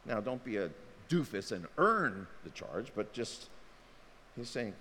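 Animated male preacher in a reverberant hall. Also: medium pitch, a little slow, slight background noise. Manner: animated, shifts between quiet asides and loud emphatic bursts. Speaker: pastor. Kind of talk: sermon. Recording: hall reverb with faint ambience.

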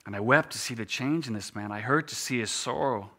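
A man telling a story dramatically, expressive and dropping to a hush in quiet moments. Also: mid-range voice, fairly quick.

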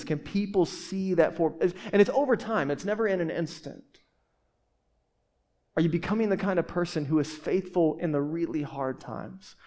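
A man's voice: fairly high pitch, a little mellow. A man in his forties preaching a sermon in a casual, conversational way, with asides and restarts. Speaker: pastor.

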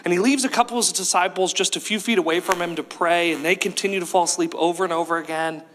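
A man preaching a sermon, animated, acting out voices from the story and at times rising to a shout. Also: sits high, quick pace, slight background noise. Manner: animated, acts out voices of Bible figures, rises to shouts. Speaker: pastor.

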